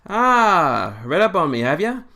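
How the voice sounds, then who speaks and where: A man voicing a smug, jovial male alien time traveler who teases with a bright, lifted voice. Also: sing-song, fast. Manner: playful and teasing, rising high and loud.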